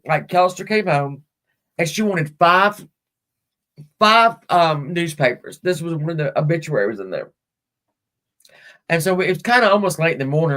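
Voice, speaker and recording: A middle-aged woman hosting a casual podcast, telling a personal story in a rambling, frank way and swearing freely. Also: lowish voice. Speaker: podcast host.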